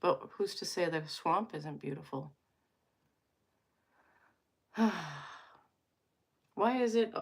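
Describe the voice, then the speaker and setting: With a gravelly, medium-pitched voice, a woman in her thirties from Alberta, Canada vlogs for her viewers. She's playful and casual, rambling along and often breaking off mid-thought.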